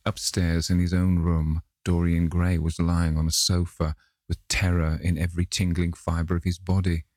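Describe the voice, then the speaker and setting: A man reading a classic novel aloud in measured, unhurried narration. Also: low voice, flat delivery, darkish tone, no echo, clean studio sound. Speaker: audiobook reader.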